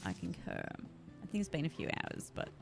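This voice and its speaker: A woman's voice: low voice, wildly swooping pitch, normal speed, gravelly, music in the background. A woman with a sore voice, chatting casually with her live-stream audience while gaming, swearing freely and grumbling.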